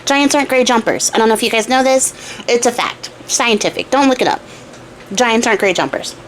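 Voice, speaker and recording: A woman's voice: on the high side, brisk, slight background noise, low-quality recording. A young adult woman hosting a craft channel, retelling a fairy tale casually with chatty, irreverent asides.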